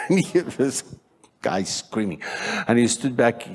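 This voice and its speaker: A South African man preaching a sermon in church, telling stories with animated acted-out voices and shouting for emphasis. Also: mid-range voice, slow, noisy background. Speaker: pastor.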